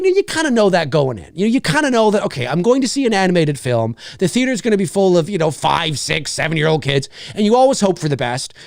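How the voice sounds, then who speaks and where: A man hosts his own livestream show and rants in a casual, exasperated way, dropping curse words freely. His pitch leaps and dips all over the place as he acts out noisy children. The sound is close and dry, with no room echo. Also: gravelly. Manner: animated, exasperated, swears freely, mimics noisy kids. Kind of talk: casual ranting monologue.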